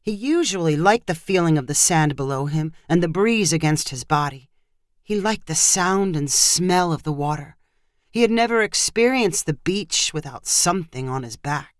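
A narrator reading a short story aloud in a steady, measured way. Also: mid-range voice, no echo, studio quality.

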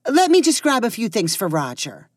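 A woman's voice: a little high, wildly swooping pitch, moderate pace, darkish tone, no room sound, clean studio sound, pitched above the performer's own voice, heavily acted. A woman voicing an eager, gossipy hostess. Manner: eager, smoothing things over. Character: fussy hostess woman, nosy and peacemaking.

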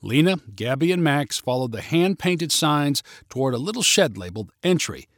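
Expressive male storyteller, dry sound. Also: on the high side, normal speed, no echo. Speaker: narrator. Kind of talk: scripted story narration.

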